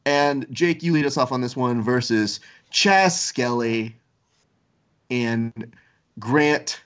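A man hosting a relaxed podcast chat at a middle pitch, joking and ribbing his guests as he runs each segment. The sound is slightly dull and lo-fi. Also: slow. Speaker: podcast host.

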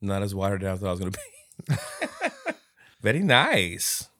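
A man's voice: lowish voice, wildly swooping pitch, sharp tone, no echo. A man co-hosting a podcast, chatting casually about a movie, swearing and laughing while he retells scenes. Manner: profane, laughing, retells scenes with quick put-on voices. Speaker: podcast co-host. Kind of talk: casual movie review chat.

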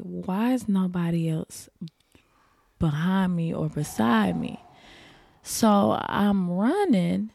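Gravelly low-voiced woman telling a story. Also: a little mellow, no room sound, clean studio sound. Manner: vivid storyteller, addresses listeners as y'all. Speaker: podcast guest. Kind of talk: casual storytelling.

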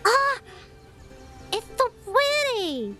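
Casting: a giddy six-year-old girl in a tabletop game, very high and bright, slow. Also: big pitch swings, faint music behind, exaggerated voice. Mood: excited. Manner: squealing, bossy and giddy. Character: excited little girl, about six.

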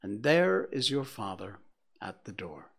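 A man reading aloud, giving a gentle, weary mother of a poor family steady, softly cheerful lines. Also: lowish voice, a little slow, gravelly, breathy edge, full character voice. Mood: tender.

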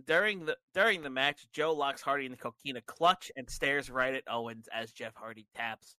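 At a moderate pace, a man co-hosting a casual podcast walks through a wrestling show event by event, using fillers as he goes. The voice is mid-range, pushed and bright, with no echo but poor audio.

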